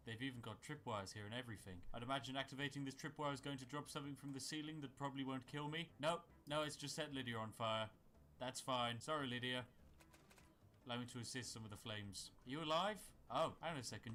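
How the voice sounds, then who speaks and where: British man, middle-pitched voice, dry comic gameplay narration, a faint hum behind. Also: pushed and bright. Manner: dry, wry humor with mock-grand asides. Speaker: gaming YouTuber.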